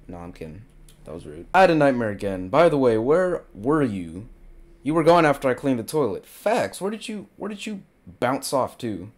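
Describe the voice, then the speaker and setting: A young gaming creator does casual let's-play commentary, joking with his viewers and getting frantic when he panics. His mid-range voice is very animated, at normal speed.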